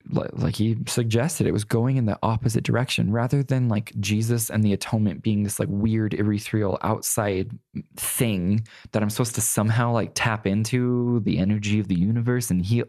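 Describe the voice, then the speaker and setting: Young man, gravelly and warm, earnest interview guest, dry close mic. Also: lowish voice, no echo. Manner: earnest, filler-heavy, lots of "like". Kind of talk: emotional personal testimony.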